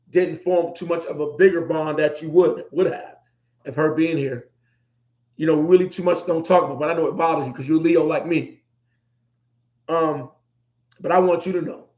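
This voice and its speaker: A middle-aged male podcast host speaks from the heart, emotional and repeating his words for emphasis. His voice sits a touch high for a man. The sound is roomy and echoey, with a dull, lo-fi quality. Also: a little mellow. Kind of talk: heartfelt livestream talk.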